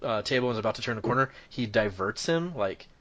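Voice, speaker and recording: A man running a tabletop game. His voice sits at an ordinary pitch, and he narrates in a loose, rambling way. He keeps the scene rolling as he improvises. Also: animated, fast talker, fairly bright tone, a little hiss or hum. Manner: rambling, full of fillers and restarts. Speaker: game master.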